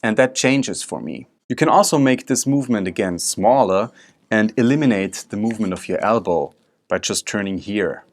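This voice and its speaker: A man's voice: on the low side, moderate pace. A man teaching a drum technique lesson, explaining step by step while he demonstrates. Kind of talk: instructional video lesson. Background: drum strokes and music.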